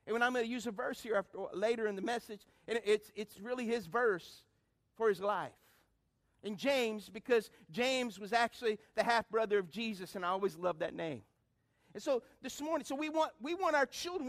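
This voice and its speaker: The pastor, a middle-aged man, has an extremely high-pitched voice and keeps a moderate pace. In his sermon he shifts from loud appeals to hushed remarks while calling out to the congregation.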